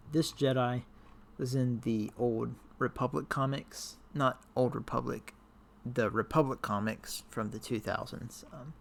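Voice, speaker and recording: Man, casual vlogger, mid-pitch, gravelly edge; tired, rambling, hesitant delivery. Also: a little hiss or hum. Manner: rambling, hesitant, many fillers. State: tired, voice wearing out. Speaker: youtuber ranking characters. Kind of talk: casual talk to camera.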